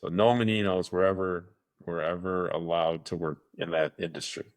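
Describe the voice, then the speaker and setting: A man's voice: low voice, steady tone, normal speed. A middle-aged man co-hosting a casual podcast, telling rambling stories and acting out the voices of people he quotes. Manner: rambling storyteller who acts out quoted voices. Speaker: podcast co-host. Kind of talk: casual chat.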